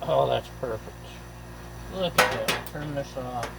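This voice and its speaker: A man's voice: medium pitch, measured pace, gravelly, heavy background noise. A man casually demonstrating his cooking on a griddle, chatty and self-deprecating, tasting as he talks. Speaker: cooking vlogger.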